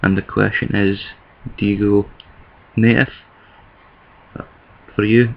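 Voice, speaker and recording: A man's voice: fairly low pitch, little pitch movement, takes it slowly, vocal fry, muffled recording. A man from the east of Scotland with a Scottish accent, rambling and thinking aloud in a casual vlog, with many restarts. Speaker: vlogger. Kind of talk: casual talking-to-camera vlog.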